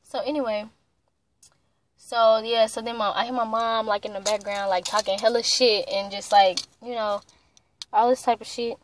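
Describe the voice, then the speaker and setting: Young woman, casual vlog storytelling, heated and profane, highish voice. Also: fairly even intonation, moderate pace, slight background noise. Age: young adult. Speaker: vlogger.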